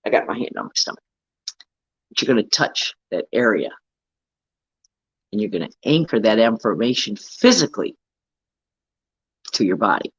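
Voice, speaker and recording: A man's voice: fairly low pitch, sing-song, normal speed, pauses often, a bit bright, slightly rough, no room sound, muffled recording. A man hosting a casual self-help talk, coaching earnestly and often checking in with "right?". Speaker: host.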